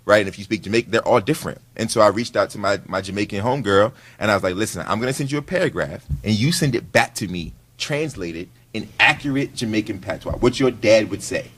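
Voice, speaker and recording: A man, an author, speaking casually on a panel with students, animated and conversational, often checking in with "right?". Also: fairly low pitch, fast, hardly any pauses, slightly rough.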